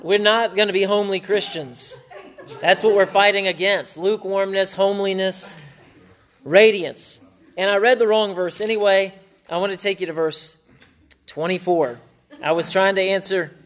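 A man preaching a sermon as pastor, conversational, with quick asides and self-corrections. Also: high voice, steady tone, fairly bright tone. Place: church.

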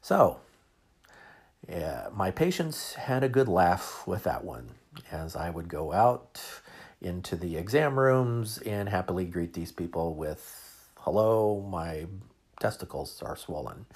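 A man's voice: sits low, sing-song, measured pace, darkish tone, slightly rough. A man in his forties, a podcast host, telling a humorous story in a wry, self-mocking way.

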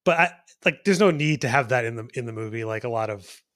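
A man's voice: medium pitch, lively intonation, quick pace, fairly bright tone, no room sound, studio quality. A man co-hosting a podcast, talking in a rambling, loose way with many restarts. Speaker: podcast co-host. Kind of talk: casual chat.

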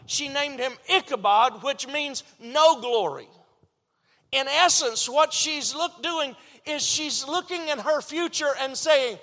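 A man with a very high, bright voice preaches a slow, deliberate sermon. He tells the story animatedly, acts out quotes and often stumbles into restarts. His voice rings with a long hall reverb.

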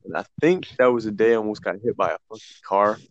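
A man's voice: lowish voice, quick pace, no room sound. A young man casually telling a profane story among friends, acting out the dialogue. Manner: loose, profane, animated retelling with quoted dialogue. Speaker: podcast co-host. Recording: dull, dry lo-fi sound.

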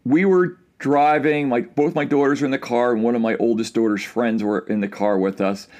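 A middle-aged man hosting a casual solo podcast, ranting in an exasperated, animated way about everyday annoyances. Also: mid-range voice, fairly quick. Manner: animated, exasperated ranting with bursts of mock yelling. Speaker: podcast host.

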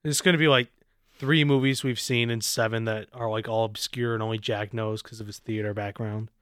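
A young man in casual podcast chat, excitable and teasing, swearing often. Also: on the low side, brisk, clear, resonant tone, no room sound, studio quality.

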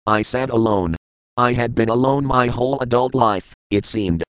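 A man reads an audiobook in the first person, measured and reflective. His voice is smooth and resonant, at a middle pitch. The recording is close and dry. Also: no room sound, low-quality recording. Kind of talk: audiobook narration.

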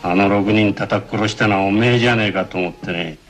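An actor playing a sly, gruff man in a samurai film who questions someone with insinuating remarks. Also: on the low side, fairly even intonation, rapid-fire, faint music behind, close to an everyday voice.

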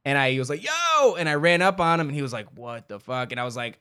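A man in a casual chat, telling stories and firing back quick, profane jokes. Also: mid-range voice, sharp tone, clean tone. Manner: profane, joking, quick comebacks.

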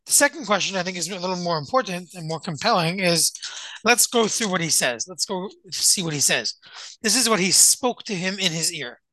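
Rabbi leading a verse-by-verse class; bright, forward tone, poses questions and answers them, dry close sound. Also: male voice, high voice, lively intonation, fairly quick, no echo, poor audio. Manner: thinks aloud, asks and answers his own questions; reads Hebrew verse then translates it. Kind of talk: Torah class explaining verses.

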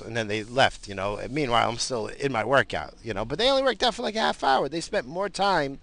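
A man's voice: medium pitch, gravelly, a bit bright. A man ranting in a casual, profane, rambling way, with lots of fillers, as if talking from his car.

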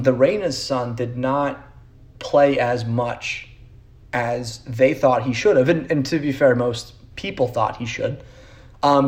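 A young adult man hosting a podcast, ranting casually with sarcasm and lots of swearing, tagging his points with "right?". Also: mid-range voice. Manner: profane, sarcastic, rambling with frequent "right?". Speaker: podcast host. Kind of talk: casual rant.

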